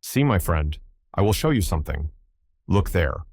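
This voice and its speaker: A man's voice: low-pitched, sing-song, moderate pace, a little mellow, dry recording, clean studio sound, heavily acted. A man voicing a fussy, methodical older male detective who speaks in a precise, musing way. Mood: probing.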